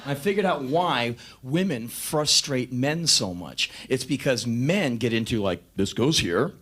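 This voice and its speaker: A male comedian doing a stand-up set, ranting in an animated, mock-shouting way. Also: mid-range voice, a little slow.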